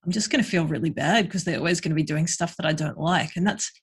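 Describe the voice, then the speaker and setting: Woman guest, husky, frank and chatty. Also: low voice, fast talker. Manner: frank, chatty, lots of fillers. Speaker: guest, sex worker and educator. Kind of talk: casual podcast conversation.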